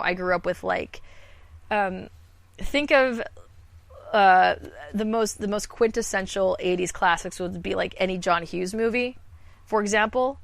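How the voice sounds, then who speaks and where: Woman voice actor on a podcast, kinda gravelly, dry close mic, rambly and self-deprecating. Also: lowish voice, no room sound. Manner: candid, self-deprecating, rambling with many fillers. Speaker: voice actor guest. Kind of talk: casual podcast conversation.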